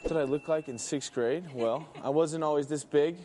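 A man's voice: fairly high pitch, moderate pace, warm tone, slight background noise. A man playing a party game on stage, talking in a good-humored way and laughing often. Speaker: football player guest. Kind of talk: playful event chat.

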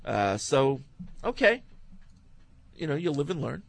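A man's voice: a little high, big pitch swings, a little slow, vocal fry. A man hosting a radio show, chatting casually and insisting emphatically. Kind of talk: casual studio banter. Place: radio studio.

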